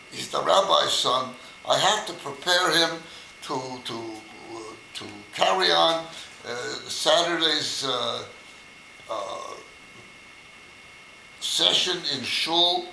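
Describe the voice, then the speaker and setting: A man's voice: a little high, gravelly, pushed and bright, roomy sound, slight background noise, full character voice, rough recording. An older man doing a weary, sad rabbi. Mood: resigned. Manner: halting, resigned.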